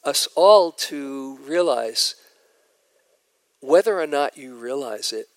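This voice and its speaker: A man giving a dharma talk as a meditation teacher at a retreat, telling stories in a gentle, reflective way. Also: mid-range voice, dry recording.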